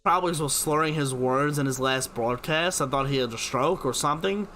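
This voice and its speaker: A man's voice: a little high, brisk, sharp tone, soft background music. A young man, hosting a live stream and casually answering viewers' sports questions by name. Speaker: live stream host reading chat questions.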